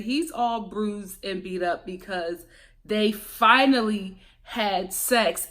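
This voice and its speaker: A woman's voice: a little high, bright, forceful tone. A woman giving casual, gossipy commentary on a reality show, sassy and emphatic, laughing often. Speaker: reality TV recap vlogger.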